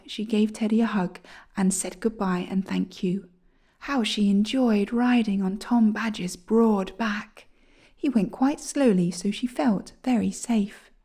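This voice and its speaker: A woman reading a children's storybook aloud, gentle and often near a whisper. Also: fairly high pitch.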